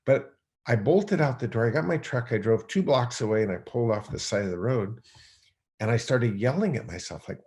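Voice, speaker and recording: Man, middle-aged, podcast guest, rambling storyteller, restarts, mid-pitched voice. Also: expressive, normal speed, a little mellow. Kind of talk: storytelling in conversation.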